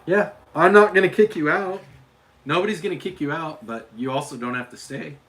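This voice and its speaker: Rambling man with a bright voice. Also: a little high, brisk. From Utah. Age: adult father. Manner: rambling, often restarting and repeating words. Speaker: livestream host. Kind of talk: casual livestream chat answering viewers.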